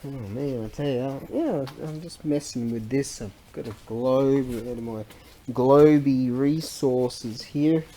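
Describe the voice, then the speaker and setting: A man's voice: medium pitch, slow, dark tone, a little hiss or hum. A man, chatting casually in a rambling, self-interrupting vlog. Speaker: vlogger.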